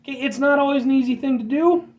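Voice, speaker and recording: A man's voice: very high voice, quick pace, darkish tone, far from the mic, low-quality recording. Rambling American guy, a bit off-mic. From United States. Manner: rambling, jokey, addresses viewers as folks. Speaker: vlog host. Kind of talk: casual review vlog.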